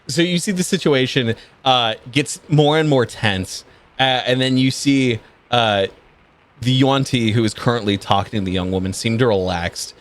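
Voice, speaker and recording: A man narrating as game master of a tabletop game, describing scenes in a relaxed way with frequent ums and uhs. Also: mid-range voice, normal speed.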